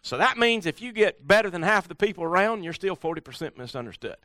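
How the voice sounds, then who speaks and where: A middle-aged man giving a folksy, animated motivational talk at a workshop, full of rhetorical questions. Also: high-pitched, quick pace, no room sound, clean studio sound. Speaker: speaker at a workshop.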